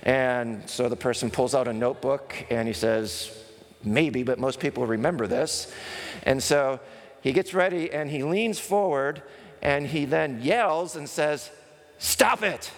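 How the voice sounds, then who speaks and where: A pastor preaching a sermon, earnest and explanatory, sometimes acting out a comic skit with a raised voice. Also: male voice, medium pitch, unhurried. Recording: long hall reverb.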